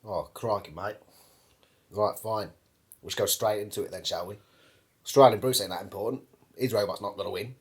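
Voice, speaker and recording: A man's voice: on the low side, fast, a bit bright, breathy edge, pitched below the performer's own voice. A man voicing a laid-back Australian robot competitor with a breezy, easygoing manner. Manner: breezy, says mate and crikey.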